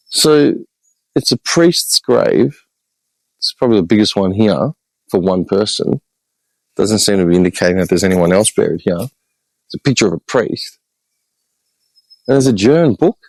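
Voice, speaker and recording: An Australian man, a podcast host, telling stories in an animated, exasperated way with blunt swearing, in a casual walk-and-talk vlog. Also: lowish voice, measured pace, pauses often, no echo, poor audio. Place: outdoor hillside cemetery with birds.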